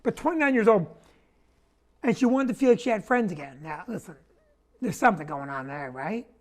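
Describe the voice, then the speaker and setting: Ranting New comedian host. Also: male voice, sits high. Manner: animated, indignant ranting with quick asides. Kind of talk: comedic talk-show rant.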